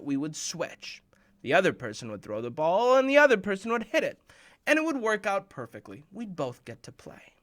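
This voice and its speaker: A man's voice: a little high, sharp tone. A man giving a playful, joking sermon for children, telling stories in a conversational way. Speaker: children's khutbah presenter. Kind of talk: playful storytelling sermon for kids.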